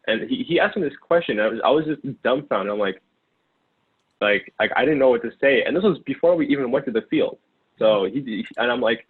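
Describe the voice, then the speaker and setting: A man's voice: medium pitch, lively intonation, quick pace, husky. A man in his twenties, from Ukraine, talking casually as an interview guest and rambling with lots of fillers and restarts. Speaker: guest, former sales intern. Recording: tinny phone-like line.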